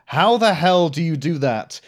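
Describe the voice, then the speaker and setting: A man's voice: a little high, lively intonation, a little slow. A man co-hosting a casual podcast, discussing a film with dry, joking commentary. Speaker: podcast co-host.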